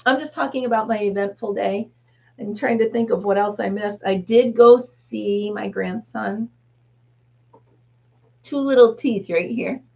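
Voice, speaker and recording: A woman's voice: medium pitch, darkish tone, dull audio. A woman in her fifties, a grandmother, hosting a casual live chat with viewers, rambling and laughing often. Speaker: livestream host.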